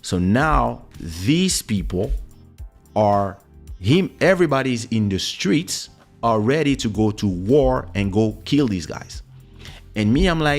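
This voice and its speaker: A man, telling a personal story in a casual, animated way and acting out the voices of the people in it. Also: mid-range voice, unhurried, soft background music. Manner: animated, acts out quoted voices. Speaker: podcast host telling a story.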